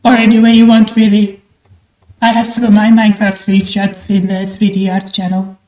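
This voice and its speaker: A young woman from Australia, livestreaming while she draws, talking in a put-on, theatrical bird-persona voice that is loud and enthusiastic. Her throat sounds sore and strained. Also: mid-range voice, monotone, normal speed. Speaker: streamer. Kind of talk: livestream chat while drawing. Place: small room at home at night. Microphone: desk mic with high gain. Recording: roomy echo.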